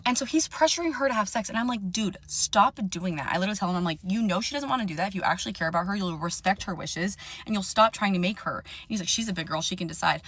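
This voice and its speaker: A woman's voice: medium pitch, expressive, fast, hardly any pauses, a bit bright. Profane, indignant young woman telling a story. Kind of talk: casual storytime rant.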